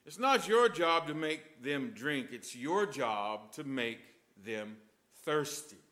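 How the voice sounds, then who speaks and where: A man's voice: a little high, expressive, slow, sharp tone, pitched below the performer's own voice, heavily acted. A man voicing a blunt, emphatic sales manager in a sermon story.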